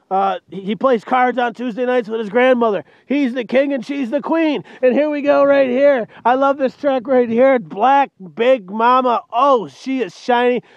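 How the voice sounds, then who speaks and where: A man's voice: very high-pitched, creaky, no room sound, muffled recording. A man selling trucks with a joking, hyped sales patter, recorded outdoors in the cold on a handheld camera mic. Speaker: truck dealer.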